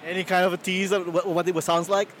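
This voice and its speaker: A man interviewing a guest at a convention, asking brisk, chatty questions. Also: sits high, little pitch movement, a bit bright, slight background noise. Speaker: interviewer, show host. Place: convention floor.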